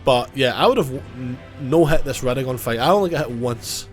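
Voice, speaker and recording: A man's voice: mid-range voice, animated, a little fast, faint music behind. A man with a cold, giving casual, joking gameplay commentary, self-mocking and swearing now and then. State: has a cold. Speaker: gaming YouTuber.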